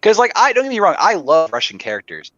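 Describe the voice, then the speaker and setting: A man's voice: sits high, huge pitch swings, quick pace, pushed and bright, dry recording, lo-fi sound. A man in casual podcast chat, rambling with many fillers and frequent swearing. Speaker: podcast guest. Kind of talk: casual chat about roleplay.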